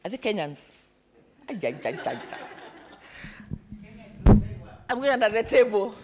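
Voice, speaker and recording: Animated woman coaching a live room. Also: medium pitch, brisk, a faint crowd. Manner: animated, calls on the audience to repeat words, counts attendees. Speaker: coach leading a summit session. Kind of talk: lively live event hosting. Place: conference room with an audience.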